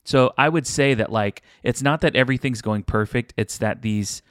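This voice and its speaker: A young man co-hosting a casual chat, giving easygoing advice in a relaxed way. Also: medium pitch, normal speed, no echo, studio quality. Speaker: podcast co-host, wedding vendor.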